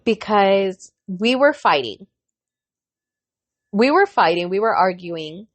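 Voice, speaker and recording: A woman's voice: mid-range voice, takes it slowly, no echo. A woman in her thirties co-hosting a podcast, telling a heated story in casual chat, swearing a lot and acting out the quotes. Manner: animated storytelling, heavy swearing, acts out quotes. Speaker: podcast co-host.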